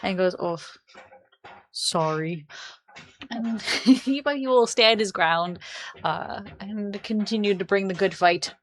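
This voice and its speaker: Unhurried woman narrating a tabletop game. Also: mid-range voice. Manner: relaxed, chatty narration with fillers and laughs. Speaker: game master.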